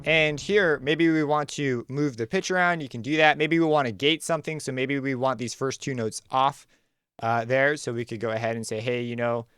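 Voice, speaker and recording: A man hosting a music production tutorial, talking casually and thinking aloud as he walks through a software workflow. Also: medium pitch, moderate pace, smooth. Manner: relaxed, conversational, thinks aloud while clicking. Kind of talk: screen-recorded software tutorial.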